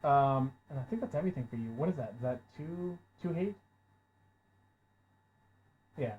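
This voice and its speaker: A man running a tabletop role-playing game as game master, calling rolls and narrating the action, who gets loud and swears when surprised. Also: mid-range voice, lively intonation, normal speed, a little hiss or hum. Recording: dull lo-fi audio.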